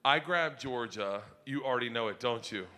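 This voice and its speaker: A middle-aged man telling profane stand-up stories, breaking into shouts. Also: medium pitch, normal speed. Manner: rowdy, profane storytelling with shouted bursts. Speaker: stand-up comedian. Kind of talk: stand-up comedy routine. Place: stage before a live audience.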